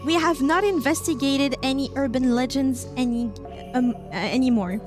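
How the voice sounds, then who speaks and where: A high-pitched woman talks casually over a story game, reasoning aloud about the choices in front of her. Game music plays steadily behind her voice. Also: normal speed. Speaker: streamer playing a story game.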